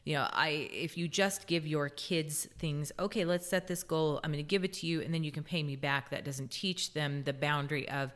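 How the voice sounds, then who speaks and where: Low-voiced woman podcast host. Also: moderate pace, hardly any pauses, a bit bright. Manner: earnest, tells stories from her own parenting. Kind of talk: casual podcast conversation.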